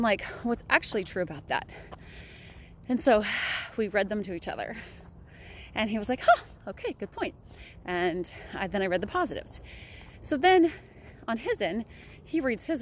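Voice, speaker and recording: A woman's voice: medium pitch, a little hiss or hum. A young woman talking casually and upbeat in a motivational vlog, chatting while walking outdoors. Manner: chatty, upbeat, laughs often. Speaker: vlogger.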